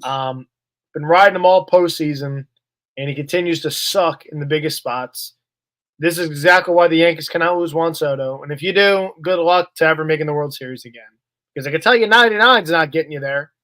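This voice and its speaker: A man's voice: a little high, brisk, a bit bright, no echo. A man co-hosting a sports podcast, bluntly and profanely complaining about a player. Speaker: podcast co-host.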